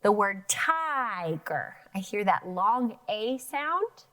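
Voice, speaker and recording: A woman's voice: mid-range voice, big pitch swings, takes it slowly, a bit bright. A woman teaching an elementary phonics lesson, sounding out words syllable by syllable.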